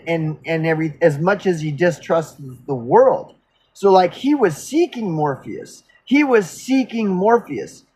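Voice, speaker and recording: A man with a notably high voice talks off the cuff in a blunt, profane monologue. He hammers his points home by repeating words and stumbling into fresh starts. A faint hiss of noise sits behind the recording. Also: a little mellow, rough recording. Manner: profane, emphatic, repetitive ranting; frequent restarts and stammered repeats. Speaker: recovery vlogger. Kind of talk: unscripted monologue.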